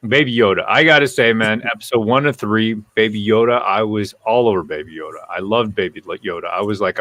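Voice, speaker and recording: A man hosting a casual live-stream chat, telling animated, profane stories and reading out viewer comments. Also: fairly low pitch, brisk, hardly any pauses.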